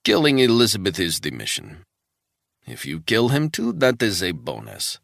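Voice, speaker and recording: A man voicing a gruff, menacing Russian military handler with a chain smoker's Russian accent, giving cold orders. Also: on the low side, wildly swooping pitch, moderate pace, a bit bright, dry recording, clean studio sound, heavily acted.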